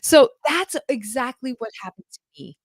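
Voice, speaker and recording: A homeschool coach speaks straight to her listeners in an enthusiastic, chatty podcast monologue, calling them "you guys." Her voice sits high with lively intonation, a moderate pace and slight roughness. The recording is rough but has no echo.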